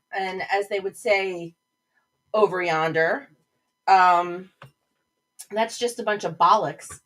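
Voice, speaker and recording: A woman's voice: mid-range voice, fairly bright tone, rough recording. A woman chats loosely through her livestream. She rambles from topic to topic and breaks off to greet her viewers by name. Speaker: livestream host. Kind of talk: casual livestream chat.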